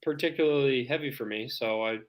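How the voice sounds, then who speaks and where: A man's voice: mid-range voice, brisk. A man co-hosting a podcast, telling stories in a jokey, casual way. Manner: jokey, storytelling. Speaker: podcast co-host. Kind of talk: casual chat.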